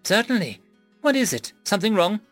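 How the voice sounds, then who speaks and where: A guarded alien woman with blunt, questioning speech, put on by a man reading a storybook. The voice sits higher and bright, and it sounds close and dry over soft music. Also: very animated, fairly quick, dry recording. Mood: wary. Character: alien woman station dweller, wary and blunt.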